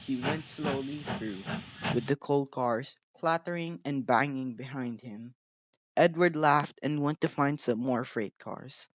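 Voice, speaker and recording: A man narrating a children's storybook in a measured, gentle manner. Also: mid-range voice, no room sound. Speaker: audiobook reader.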